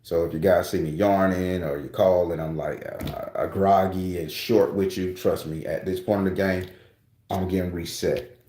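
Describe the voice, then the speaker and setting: A man's voice: deep voice, steady tone, normal speed, dark tone, roomy sound. A man hosting his own channel, talking casually and loosely to his viewers, with rambling restarts and frequent swearing. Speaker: spiritual channel host.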